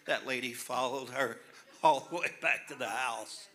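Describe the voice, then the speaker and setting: Man preaching, bright forceful voice, joking, laughing as he talks, mid pitch. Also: a little slow. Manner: jokey, animated, laughs through his lines. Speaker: pastor. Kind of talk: humorous sermon storytelling.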